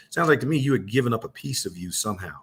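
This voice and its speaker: Low-voiced male interview host. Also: animated, husky. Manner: halting, repeats phrases as he frames questions. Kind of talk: conversational interview.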